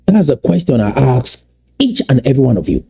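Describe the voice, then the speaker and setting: A man giving impassioned political commentary, emphatic and repeating key points slowly for weight. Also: mid-range voice, big pitch swings, creaky, dark tone, slightly rough.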